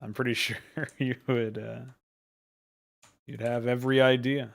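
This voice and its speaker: A man's voice: mid-range voice, little pitch movement, unhurried, gravelly. A man casually chatting with his viewers while modding a game, laid-back, laughing often and swearing offhandedly. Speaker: game modder streaming. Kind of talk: casual livestream chat.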